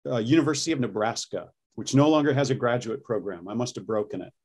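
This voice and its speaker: A man's voice: medium pitch, fast talker, a little mellow, husky. A middle-aged man, an accent coach, explaining and demonstrating accents in a casual interview.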